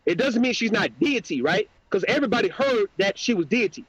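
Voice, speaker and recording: A man with a very high, husky voice rants at length on his own channel, profane and combative, mocking his target. The audio is dull and lo-fi. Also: expressive, brisk, a bit bright, no echo. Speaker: YouTube channel host. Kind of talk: angry livestream rant.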